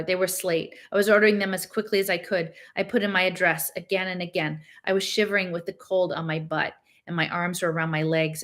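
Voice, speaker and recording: A woman with a somewhat low voice reading a novel aloud. Her first-person narration is steady and plain, carrying the story along without fuss. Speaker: reader.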